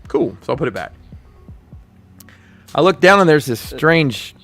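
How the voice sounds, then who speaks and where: A man's voice: on the high side, big pitch swings, measured pace, a bit bright, soft background music. Laughing man telling a long story. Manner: rambling, laughing storyteller with many restarts. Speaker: podcast host. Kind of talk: casual storytelling chat.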